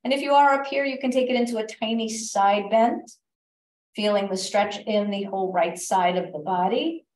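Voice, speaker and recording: A woman instructor guiding a stretch class with calm, step-by-step cues and gentle reminders, recorded in a library class room. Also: medium pitch, normal speed. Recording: echoey room, voice from a distance.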